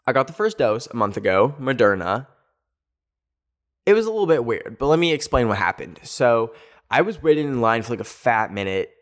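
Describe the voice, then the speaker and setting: A podcast host with a lowish, clear, resonant voice tells a story in casual chat. He's sassy and talkative, animating the tale with cheeky asides and acting out the quotes.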